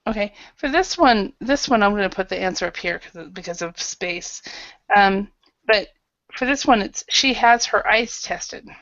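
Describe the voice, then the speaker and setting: A woman's voice: mid-range voice, expressive, normal speed, a bit bright, no room sound, muffled recording. A woman teaching an online English grammar class, patiently calling on students by name and correcting their answers.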